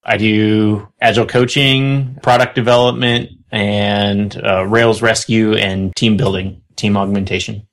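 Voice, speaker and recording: A man's voice: fairly low pitch, a little slow, hardly any pauses. A middle-aged man hosting a podcast, chatting casually and telling stories with frequent laughter. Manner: relaxed storyteller, laughs often. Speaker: podcast host. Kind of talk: casual panel chat.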